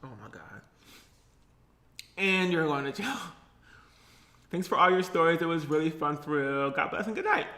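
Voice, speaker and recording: A man's voice: high voice, normal speed, long pauses, fairly bright tone, reverberant. A man chatting playfully and sassily in a casual eating vlog. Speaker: vlogger.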